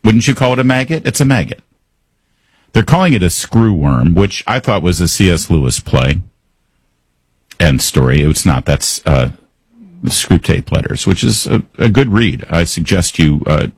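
A man's voice: lowish voice, slightly rough, dry recording. A male talk show host giving opinionated news commentary with sarcastic, exasperated asides.

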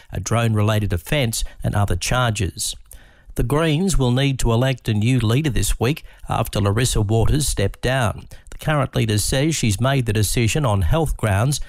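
A man reading a radio news bulletin with a steady, formal delivery. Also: mid-range voice, dry recording, studio quality. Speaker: newsreader.

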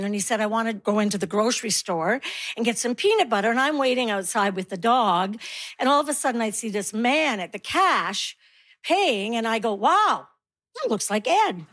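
A middle-aged woman works a stand-up crowd in a high, bright-pitched voice. She keeps her delivery wry and slips into mocking voices of the people in her stories. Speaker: stand-up comedian. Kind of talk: stand-up comedy.

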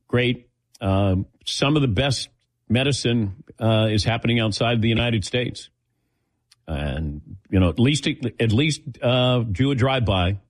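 A man's voice: mid-range voice, no echo, studio quality. A middle-aged man, a show host, telling a chatty personal story and acting out the voices of people he quotes. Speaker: host taking audience questions. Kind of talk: casual storytelling.

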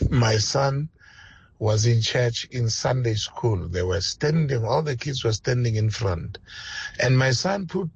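A man's voice: medium pitch, lively intonation, breathy edge. A man, calling in to a radio show and chuckling through a story. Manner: slow, chuckling. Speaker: caller. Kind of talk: phone-in anecdote. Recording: muffled phone line.

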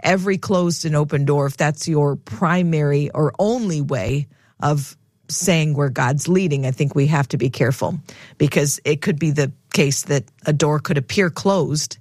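Woman teaching scripture in relaxed chat. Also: low-pitched, normal speed, no room sound, studio quality. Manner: conversational, reads scripture aloud with emphasis. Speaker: podcast co-host teaching on scripture. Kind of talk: casual Bible teaching chat.

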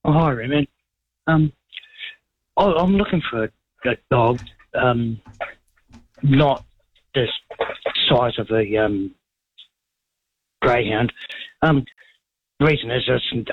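A man with a New Zealand accent calling in to a talk show, hesitant with many pauses and ums. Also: mid-range voice. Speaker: caller. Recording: husky phone line.

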